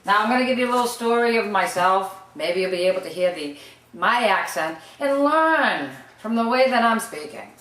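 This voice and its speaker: A woman's voice: medium pitch, expressive, moderate pace, fairly bright tone, distant mic. Boston-accented woman hosting a jokey accent lesson, chatty and rambling, set back from the mic in an echoey room. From Boston, Massachusetts. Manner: rambling, chatty, drifts off on tangents. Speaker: host. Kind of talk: mock accent lesson to camera. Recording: roomy echo, away from the mic.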